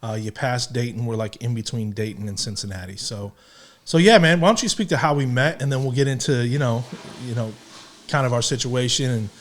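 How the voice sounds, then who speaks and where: A man's voice: mid-range voice, a little fast. Man, middle-aged, podcast host, casual, rambling, filler-heavy. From Ohio, USA. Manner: relaxed, rambling with many fillers.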